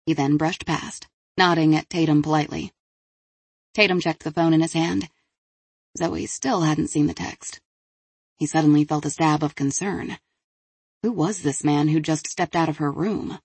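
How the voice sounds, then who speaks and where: A woman narrating an audiobook in a measured, even way. Her voice sits low and a little husky. The close microphone gives a dry sound. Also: dry recording. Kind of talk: scripted narration.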